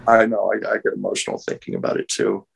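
Husky man telling an earnest story. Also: on the low side, huge pitch swings, fast talker, rough recording. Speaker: interview guest, artist and medium. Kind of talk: casual storytelling in an interview. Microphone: video call.

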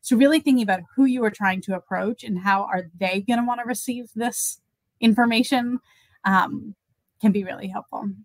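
A woman's voice: fairly high pitch, normal speed, no room sound, rough recording. A woman guest on an interview show, explaining end-of-life conversations through examples in a thoughtful, conversational way with some fillers.

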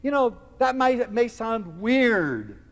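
A man giving a lecture to an audience, telling a personal story in a theatrical, expressive way. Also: very high-pitched, slow, long reverb tail. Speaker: lecturer on love.

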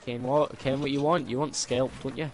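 A man's voice: medium pitch, fairly even intonation, moderate pace, darkish tone, slight background noise. A young man with a Scottish accent streaming a game, swearing and teasing his opponent in casual banter. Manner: sweary, teasing trash talk.

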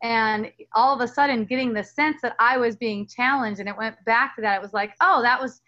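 A woman with a high, bright voice talks earnestly as a spiritual teacher in a relaxed dialogue. She rambles and restarts her sentences often. The audio sounds dull and lo-fi. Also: a little fast.

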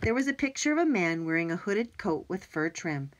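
Woman narrator for a kids' chapter book, low voice, lots of melodic movement. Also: fairly quick, rough recording. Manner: expressive, animated reading. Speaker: audiobook narrator. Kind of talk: children's story reading.

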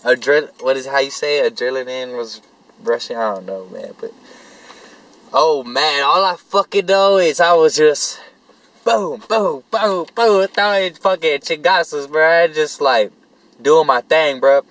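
A man's voice: a little high, measured pace, a bit bright, poor audio. A young man vlogging, telling a rambling story to camera in profane street slang.

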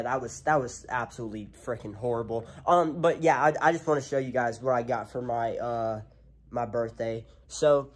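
A young man of eighteen, sick and congested, rambles through a casual home vlog. He talks extra loud into a handheld camera, full of fillers and restarts. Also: medium pitch. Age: young adult. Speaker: vlogger. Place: home, indoors.

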